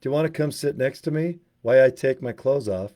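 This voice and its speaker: A man putting on a mild-mannered male children's TV host, slow, friendly and coaxing. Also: mid-range voice, mellow, close to an everyday voice.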